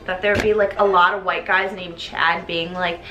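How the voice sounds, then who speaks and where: A woman's voice: lowish voice, little pitch movement, moderate pace, background noise. A tipsy young woman hosting a comic plot recap, rambling and giggly with lots of slang. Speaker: host. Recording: echoey room.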